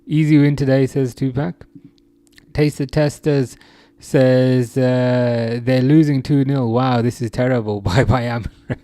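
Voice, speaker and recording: A man's voice: medium pitch, fairly even intonation, unhurried, dark tone, no echo. A man casually hosting a football livestream, reading viewer comments aloud and laughing often. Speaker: livestream host reading chat.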